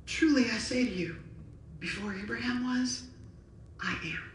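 A woman voicing a calm, patient man who speaks with authority, quoting in a slow, measured way. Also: fairly high pitch, a little hiss or hum, close to an everyday voice. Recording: echoey hall from far off.

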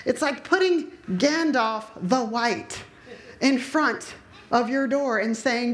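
A woman's voice: a little high, slow. A middle-aged woman preacher giving an emphatic sermon and telling her own story, acting out what people said. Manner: emphatic, storytelling, acts out quoted speech. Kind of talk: sermon with personal testimony. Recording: echoey room.

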